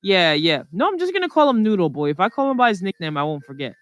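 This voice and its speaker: Smooth-voiced rambling podcast co-host. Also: medium pitch, sing-song, fast talker, no room sound. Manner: rambling, filler-heavy storytelling. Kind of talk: casual chat.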